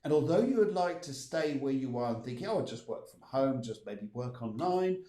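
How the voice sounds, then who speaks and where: A man's voice: medium pitch, expressive, moderate pace, warm tone, roomy sound. A man hosting a live stream as a medium, relaying messages from spirits with many fillers and repeated phrases. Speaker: medium giving readings.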